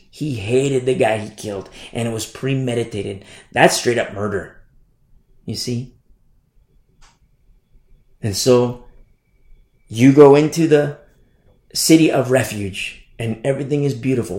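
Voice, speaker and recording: A man's voice: mid-range voice, a little mellow, echoey room. A man preaching a sermon in an emphatic way, repeating phrases and often asking "you see?".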